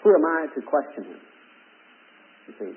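A man's voice: on the high side, animated, normal speed. A man preaching a sermon with emphatic rises on key words. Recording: tinny phone-like old recording.

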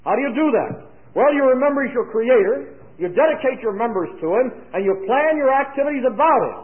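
A man's voice: very high voice, expressive, a little fast. A man preaching a sermon to young people at a conference, with dry humorous asides. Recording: tinny lo-fi, phone-like sound.

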